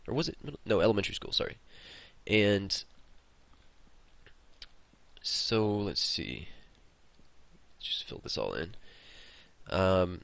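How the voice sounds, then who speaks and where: Low-voiced rambling gaming host. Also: male voice, very animated, takes it slowly, gravelly, long pauses, a bit bright, no room sound. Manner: rambling, swears freely. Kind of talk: casual storytelling over gameplay.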